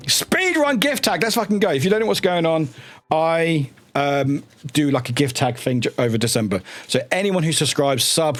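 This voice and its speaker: A man chatting casually on a live stream, excitable and often laughing and swearing. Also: mid-range voice.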